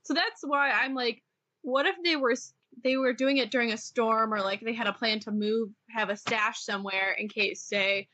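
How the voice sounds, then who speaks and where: A woman's voice: a little high, fairly even intonation, moderate pace, pushed and bright, dull audio. A young adult woman, a podcast guest, chatting casually with hesitant "like"s and restarts. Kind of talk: casual chat.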